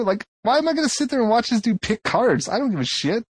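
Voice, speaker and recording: A man's voice: very high-pitched, very animated, quick pace, breathy edge, no echo. A man co-hosting a podcast in casual chat, ranting sarcastically and swearing a lot. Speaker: podcast co-host.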